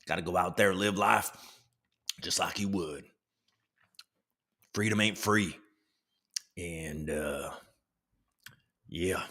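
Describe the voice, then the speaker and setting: A man's voice: low-pitched, takes it slowly, long pauses, bright, forceful tone, breathy edge. A man hosting a livestream, reading news headlines aloud in a casual way with joking asides. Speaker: host.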